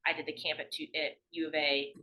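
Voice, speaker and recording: This young woman, once a college athlete, is a podcast guest in a casual storytelling interview. Her low voice barely moves in pitch and runs brisk, the recording muffled, while she chats, says "like" often, and mimics others' words.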